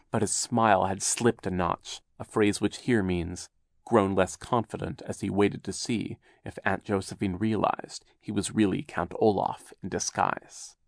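A man's voice: deep voice, dry recording. A man reading a storybook aloud as narrator, with a wry, dry manner. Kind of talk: audiobook narration.

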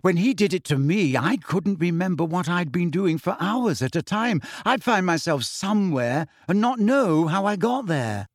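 A man lifting his voice into a self-assured teenage witch who speaks bluntly and coolly, unafraid to call her friends out. Higher and lively, close and dry. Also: normal speed, few pauses, no room sound. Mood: matter-of-fact. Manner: cool, blunt, matter-of-fact.

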